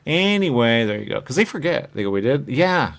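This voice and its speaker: A man's voice: mid-range voice, very animated, a little fast, creaky, a bit bright. A man hosting a show, chatting casually and rambling from point to point, often acting out what other people say. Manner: meandering, chatty, acts out quoted voices. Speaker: show host.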